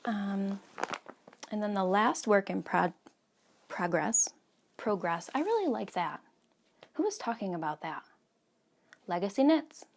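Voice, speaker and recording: Woman in her 30s chatting about knitting at home, lots of ums, bit of vocal fry. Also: medium pitch, sing-song, measured pace, long pauses, a little hiss or hum. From United States. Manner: chatty, many ums, soft asides. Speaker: podcast host. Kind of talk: casual chat.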